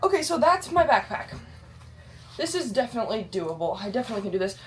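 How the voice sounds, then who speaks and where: Her voice is a little high with big pitch swings, and she talks fast over a faint hiss or hum. It's a rambling, casual vlog from a bubbly woman who is self-deprecating, curses freely, and uses lots of slang.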